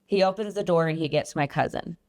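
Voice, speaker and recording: A woman guest on a podcast, earnestly recounting a personal experience, often pausing and restarting her sentences. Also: on the low side. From Iran. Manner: earnest, halting, frequent restarts and ums. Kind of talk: personal storytelling.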